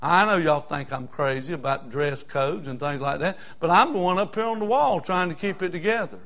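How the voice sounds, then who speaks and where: High-voiced preacher man. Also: a little fast. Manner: fervent, folksy preaching that swings from quiet asides to loud hollering. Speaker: pastor. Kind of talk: sermon.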